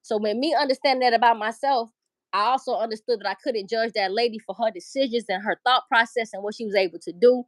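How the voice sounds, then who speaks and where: A woman's voice: on the high side, fast, no room sound. A middle-aged woman hosting a livestream, ranting emotionally and profanely. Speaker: livestream host. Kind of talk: casual livestream commentary.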